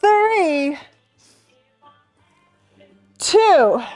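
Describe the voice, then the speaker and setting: A woman's voice: very high-pitched, sing-song, drawn-out words, a little mellow, dry recording, faint music behind. A young adult woman leading a Pilates class, cheering and counting reps, a bit out of breath. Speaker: Pilates instructor. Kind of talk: workout class instruction.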